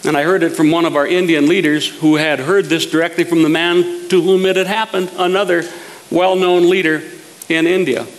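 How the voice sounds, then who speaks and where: A man's voice: a little high, steady tone, moderate pace, big-room sound, poor audio. A man preaching a sermon, telling folksy humorous stories and chuckling at his own jokes.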